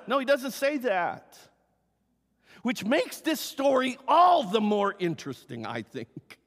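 A man with a high voice and vocal fry preaches slowly as pastor in a church sanctuary. Animated, he plays out the story's characters, and long hall reverb colors the sound.

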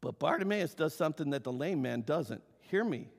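High-voiced, animated preaching man. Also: moderate pace, vocal fry. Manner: animated, acts out the story's characters. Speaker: pastor. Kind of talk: sermon. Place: church sanctuary. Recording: long hall reverb.

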